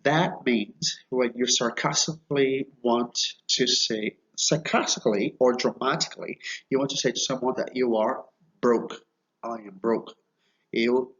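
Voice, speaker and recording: A man teaching idioms in a video lesson, speaking slowly and explaining patiently. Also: medium pitch, highs cut off. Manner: slow, explanatory, repeats phrases and checks with "okay?". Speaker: Portuguese teacher.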